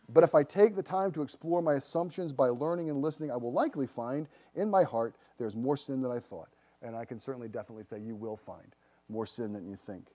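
A man preaching a sermon earnestly, swinging from emphatic declarations to quiet, hushed asides. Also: medium pitch. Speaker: pastor.

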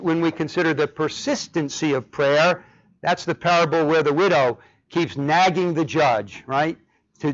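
A man preaching a sermon with passion, his voice rising to loud cries on key words. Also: a little high. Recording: dull lo-fi sound.

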